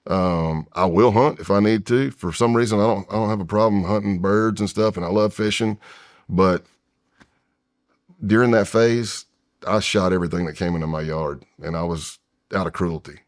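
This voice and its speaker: Here a retired federal agent, a U.S. man in his fifties, shares a lengthy personal tale on a long-form podcast. His low voice keeps a normal pace while his casual, candid telling wanders with many restarts.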